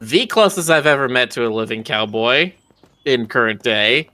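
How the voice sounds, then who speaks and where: A man's voice: mid-range voice, lively intonation, moderate pace, bright, forceful tone. A man in casual, joking chat while streaming a game.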